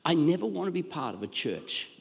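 An Australian man preaching a sermon as pastor, with energetic, exclamatory delivery and repeated calls to the congregation. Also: a little high, a little fast, creaky. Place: large church hall. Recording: long hall reverb.

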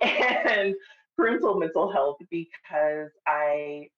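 A woman in her thirties from Texas, co-hosting a podcast and talking about herself in an unhurried way. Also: low voice, animated, a bit bright, reverberant, dull audio. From El Paso, Texas. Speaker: podcast co-host. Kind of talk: casual podcast chat.

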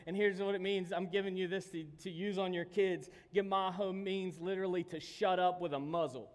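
A man preaching a sermon, telling stories and swinging from calm talk to sudden shouts. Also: high-pitched, moderate pace. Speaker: pastor. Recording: long hall reverb.

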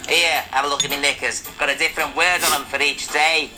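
A man's voice: fairly high pitch, fairly even intonation, fast talker, lightly acted. A man playing a brash, crude female pop star from Liverpool with a Scouse accent in a TV parody sketch. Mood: boastful. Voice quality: brassy, crude, cackling. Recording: clip with loud music behind.

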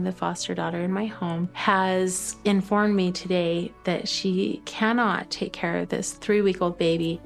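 A middle-aged woman sharing a personal adoption story in a documentary interview, halting with fillers and tearing up at moments. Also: fairly low pitch, creaky. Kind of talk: emotional personal testimony.

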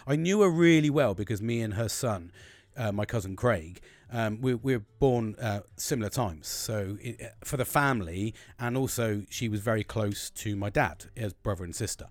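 A man's voice: on the low side, normal speed, no room sound. Man, 30s, podcast host, candid rambling monologue, swearing, restarts, dry close mic. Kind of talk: late-night podcast monologue.

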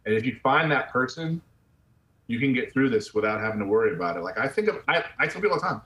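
Middle-aged vet guy talking quick and blunt, roomy echo around him. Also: medium pitch, expressive, a bit bright. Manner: blunt, conversational, drops "man" and the odd curse. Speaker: army veteran guest. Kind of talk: candid personal storytelling.

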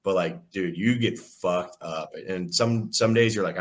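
A young man, a college football player, telling animated, profane stories with lots of fillers in a casual interview. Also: sits low, normal speed. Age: young adult. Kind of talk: casual storytelling.

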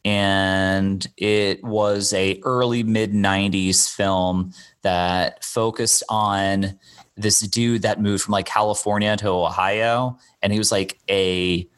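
A man with a fairly low voice, casually chatting about a movie on a podcast. He rambles and restarts his sentences, leaning on fillers as he works through his thoughts. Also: fairly even intonation, takes it slowly, a bit bright, clean tone. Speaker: podcast co-host. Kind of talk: casual film-discussion chat.

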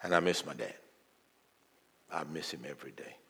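An older man preaching a sermon as a guest, telling folksy stories and building from quiet talk to loud declarations. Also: moderate pace, gravelly, husky. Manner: folksy, swells from low murmur to loud preaching. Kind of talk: sermon with storytelling.

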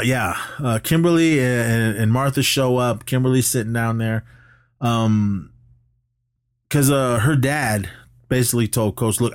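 A man casually recapping a movie for a podcast, jumping in and out of the characters' lines as he tells it. His voice sits at an ordinary pitch. The sound is dry and close, with no room around it. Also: no room sound. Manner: animated retelling, acts out characters' lines. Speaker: podcast co-host.

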